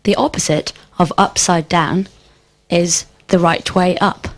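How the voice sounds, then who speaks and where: A woman's voice: lowish voice, fairly even intonation, a little slow. A woman answering in a scripted language drill, repeating each question as a careful full sentence. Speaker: student in drill.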